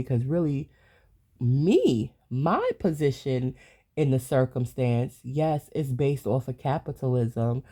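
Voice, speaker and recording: A woman's voice: very deep voice, mellow. A woman hosting her own podcast, venting in a heated, profane monologue full of repeated rhetorical questions. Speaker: podcast host. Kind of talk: solo ranting monologue.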